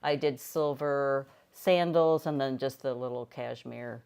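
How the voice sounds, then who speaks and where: Low-voiced older woman, chatty host. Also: measured pace, creaky, a little mellow, smooth. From United States. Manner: chatty, meandering, with frequent restarts. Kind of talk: casual live-stream chat about fashion.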